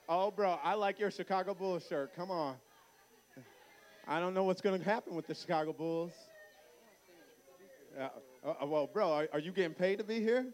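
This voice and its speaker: A young man with a notably high voice addresses a youth camp crowd, teasing people as they find seats. He tells stories with animated energy, acting out each line of dialogue. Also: normal speed, long pauses. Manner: playful banter with the crowd. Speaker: camp speaker. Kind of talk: live youth-camp talk with storytelling.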